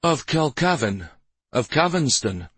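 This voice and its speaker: A man voicing a small young prince with a light baritone, gentle and wounded. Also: sing-song, unhurried, slightly rough, no room sound, exaggerated voice. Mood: wistful.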